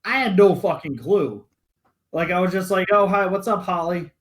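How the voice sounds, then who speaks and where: A man's voice: sits high, normal speed. A young man on a podcast, casually telling a story full of swearing and acted-out voices. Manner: animated, profane, acts out quoted voices. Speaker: podcast co-host.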